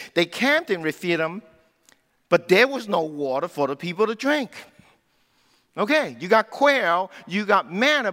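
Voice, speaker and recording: A man preaching a sermon, telling a story with animated delivery and acting out the voices of the people he quotes. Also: high voice, big-room sound. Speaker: pastor.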